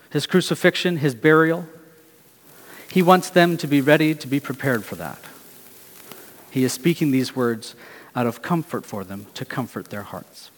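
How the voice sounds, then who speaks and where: A middle-aged man preaching in a church hall, his fairly high voice carried by long reverb. He asks questions earnestly and lets some phrases fall quiet. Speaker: pastor. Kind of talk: sermon.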